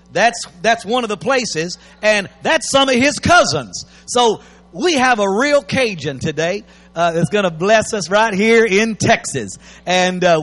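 Host pastor, man, very high voice, eager introduction. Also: fairly bright tone. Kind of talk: church introduction.

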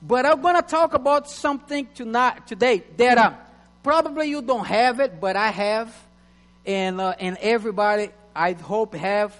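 A man preaching a sermon in English, which is not his first language, halting with restarts and reading scripture slowly and loudly. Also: very high voice. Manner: halting, many restarts and fillers. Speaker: pastor. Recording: long hall reverb with mains hum.

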